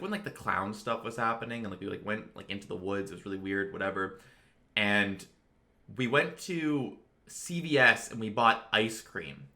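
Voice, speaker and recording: Young man, storytime vlogger, bright voice, casual and rambling. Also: fairly low pitch. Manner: rambling, filler-heavy, lots of "like". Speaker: storytelling video creator.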